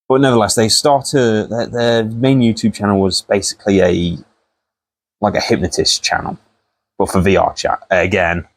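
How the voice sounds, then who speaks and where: Guy rambling and swearing, kinda low voice, laughs at his own story. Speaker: commentator. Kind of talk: casual commentary vlog.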